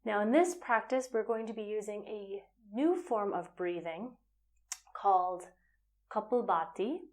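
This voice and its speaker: A woman guiding a yoga and breathing practice at an unhurried, explanatory pace. Her voice sits in an ordinary middle range, and now and then it drops to a breathy whisper. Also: medium pitch. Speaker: yoga teacher. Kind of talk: guided yoga instruction.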